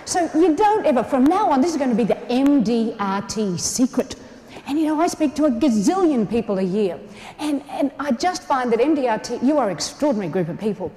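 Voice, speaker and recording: Australian female keynote speaker, playful and animated, big hall echo with faint room hum. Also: high voice, a little fast. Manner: animated, playful, acts out quoted voices. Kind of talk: comedic motivational keynote. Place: large conference hall. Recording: echoey hall, faint ambience.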